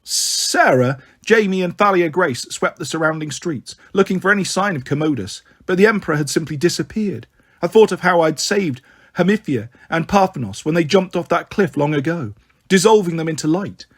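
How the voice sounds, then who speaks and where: Male storyteller, slightly raised pitch, expressive first-person audiobook reading. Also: normal speed. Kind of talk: audiobook narration.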